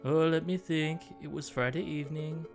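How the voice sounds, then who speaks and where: A man's voice: on the high side, fairly even intonation, normal speed, vocal fry, soft background music, pitched above the performer's own voice. A man voicing a naive young noble lady cat who chatters on in a sweet, girlish way.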